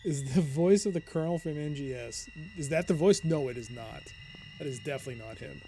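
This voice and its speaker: A man streaming a game live, thinking out loud in a chatty way and reading item descriptions aloud. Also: fairly high pitch, a little fast, soft background music. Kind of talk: casual live game commentary.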